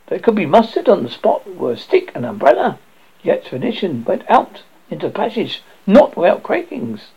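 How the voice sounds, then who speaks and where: Husky, gravelly man reading a ghost story. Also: high voice. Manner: halting, stumbling over words. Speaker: horror story narrator. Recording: dull lo-fi recording.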